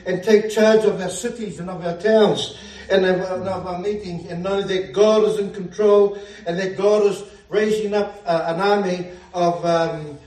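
A man's voice: high-pitched, fairly even intonation, measured pace, few pauses, a little mellow, distant mic. A man preaching a fervent sermon, often exclaiming hallelujah and laughing at his own jokes. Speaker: pastor. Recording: echoey room, speaker away from mic.

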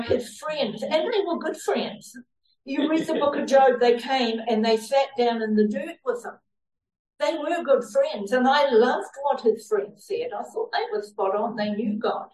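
Her voice sits fairly high with a slightly mellow quality as she earnestly tells her personal faith story to the church, occasionally laughing. The sound is roomy, picked up from a distant microphone.

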